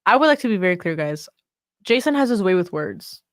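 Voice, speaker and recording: A woman's voice: fairly low pitch, sing-song, brisk, no room sound. Chatty woman podcast co-host, dry mic. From Miami area. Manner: chatty, lots of fillers like "you know" and "like". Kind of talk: casual chat.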